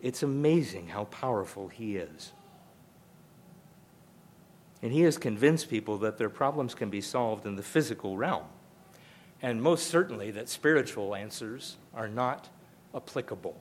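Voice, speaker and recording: A man's voice: fairly low pitch, expressive, moderate pace, slight background noise. An older man preaching a sermon, emphatic and conversational, often repeating himself for emphasis. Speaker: pastor.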